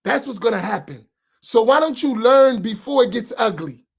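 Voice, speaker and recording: A man with an American accent, an imam preaching a sermon with rising shouts and repeated rhetorical questions. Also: extremely high pitch, lively intonation, moderate pace, gravelly, slightly rough. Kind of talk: impassioned sermon.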